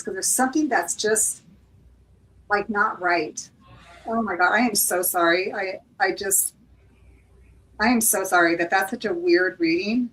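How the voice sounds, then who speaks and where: A woman reading tarot cards on a casual live stream at a middling pitch. She rambles with lots of fillers and keeps apologizing for what comes out. Her voice sits a bit back from the microphone. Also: unhurried, a bit bright, distant mic, slight background noise, poor audio. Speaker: tarot reader, co-host.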